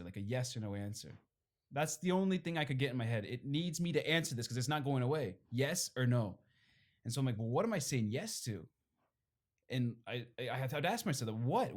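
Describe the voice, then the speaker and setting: With a mid-range, slightly mellow voice, a young priest recounts his own story as a fireside testimony. He wanders through it candidly, using many fillers and short laughs, and grows briefly tearful.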